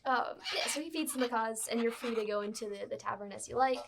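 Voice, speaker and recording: A woman's voice: on the high side, fast, vocal fry, background noise. A woman narrating a tabletop game as game master, chatty and explanatory.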